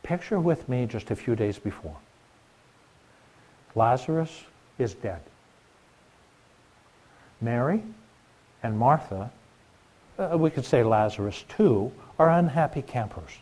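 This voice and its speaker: A man's voice: mid-range voice, lively intonation, takes it slowly, long pauses, darkish tone, husky. A middle-aged man preaching a sermon in a conversational way, asking the congregation questions.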